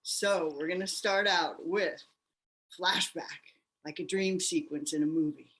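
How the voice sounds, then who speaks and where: A woman guest in an interview telling her personal story in an animated way, acting out the voices of the people in it. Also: lowish voice, a little slow. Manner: animated, acts out quoted voices.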